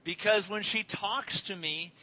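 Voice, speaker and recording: A man's voice: high-pitched, measured pace, pushed and bright, low-quality recording. A man in his thirties preaching a sermon as a pastor, conversational and joking, telling family stories.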